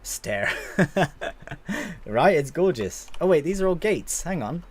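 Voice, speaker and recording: A man's voice: on the high side, very animated, takes it slowly. A young man casually commentating his gameplay on a live stream, chatting to viewers and swearing now and then.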